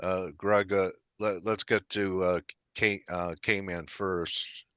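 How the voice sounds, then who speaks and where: A man's voice: sits low, level tone, slow, a bit bright, smooth, no room sound. A man hosting a live market webinar, passing the turn to the next speaker with brief, easygoing remarks. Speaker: webinar host.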